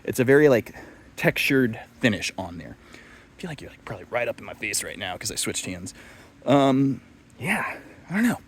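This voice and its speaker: A man's voice: mid-range voice, big pitch swings, normal speed, breathy edge. Rambling casual man reviewing a knife. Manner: rambling, filler-heavy, self-deprecating.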